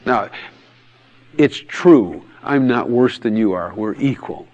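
A man's voice: mid-range voice, lively intonation, slow, darkish tone, highs cut off. A man preaching in a blunt, emphatic way, often laughing and acting out quotes in other voices. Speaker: pastor. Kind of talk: sermon-style teaching talk.

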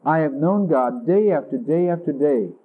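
High-voiced preacher on a tinny line. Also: male voice, lively intonation, moderate pace. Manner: intimate, acts out dialogues with Jesus in a higher voice. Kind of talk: sermon. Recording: tinny phone-like sound.

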